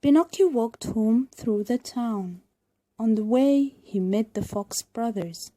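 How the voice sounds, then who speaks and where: A woman reading a storybook aloud to learners, clear and deliberate. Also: on the high side, expressive, mellow.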